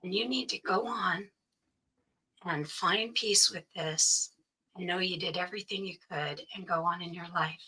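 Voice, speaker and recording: A woman's voice: lowish voice, measured pace, pushed and bright, breathy edge, rough recording. A woman guest recounting a personal story in an interview, earnestly quoting what others said to her. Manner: earnest, quotes others' speech as she tells it.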